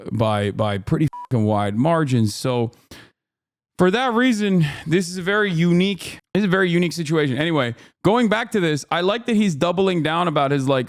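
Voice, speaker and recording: Animated, profane man ranting on stream. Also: fairly high pitch. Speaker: streamer reacting to clips. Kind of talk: live-stream commentary.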